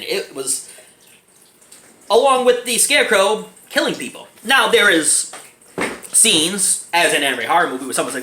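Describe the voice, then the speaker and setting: A man giving a casual movie review, animated and giggly, keeps breaking into laughter. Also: fairly high pitch, normal speed. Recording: echoey room, faint background noise.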